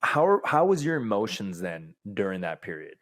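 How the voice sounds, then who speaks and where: Teasing young male host, lively pitch. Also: moderate pace. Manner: teasing, laughs a lot, quizzes his guest. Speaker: podcast host. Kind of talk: casual chat.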